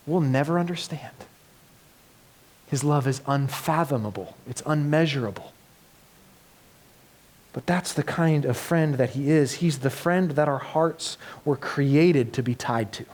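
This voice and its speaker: A man preaching a sermon as pastor, earnest, moving between loud emphatic passages and soft hushed ones. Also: a little high, measured pace, pauses often. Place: church.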